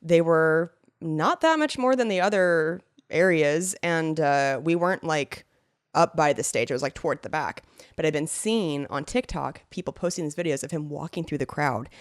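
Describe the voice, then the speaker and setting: Young female comic co-host, lowish voice, excitable and laughs easily, dry studio sound. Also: normal speed, no room sound. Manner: excitable, laughs often, swears casually. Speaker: podcast co-host. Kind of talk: casual comedic chat.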